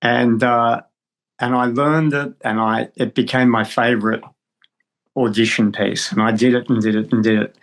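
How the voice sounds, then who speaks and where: An older actor, a man, telling stories as a podcast guest, halting and restarting as he goes, heard over a video call. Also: medium pitch, little pitch movement, poor audio. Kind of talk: storytelling in conversation.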